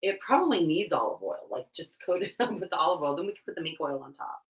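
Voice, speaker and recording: A young woman co-hosting a casual livestream chat, rambling and giggling, getting loud and excited as she tells stories. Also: low-pitched, quick pace, recorded from a distance. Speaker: livestream co-host. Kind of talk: casual chat while cleaning tack. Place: room at home. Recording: roomy echo.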